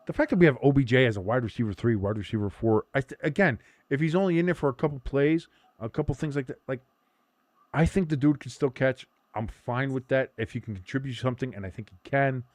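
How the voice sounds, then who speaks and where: A man's voice: mid-range voice, fast, darkish tone, no room sound. A man hosting a casual sports watch-along stream, rambling, joking and swearing freely. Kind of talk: casual livestream chat.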